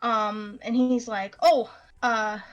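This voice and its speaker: A woman game master narrating a tabletop session in a relaxed, filler-heavy way. Her voice sits a little high and she takes her time. Soft music plays behind her. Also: slow pace, highs cut off.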